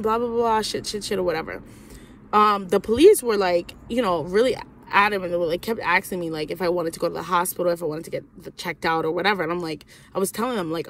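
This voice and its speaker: A woman's voice: on the low side, fast talker, slight background noise. Young woman venting in a storytime vlog. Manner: venting, profane, animated retelling with quoted voices. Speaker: vlogger.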